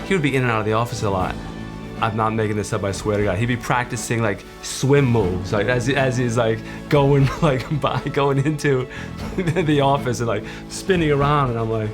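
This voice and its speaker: A man's voice: mid-range voice, moderate pace. A man telling an amused anecdote with laughter in a documentary interview. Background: music.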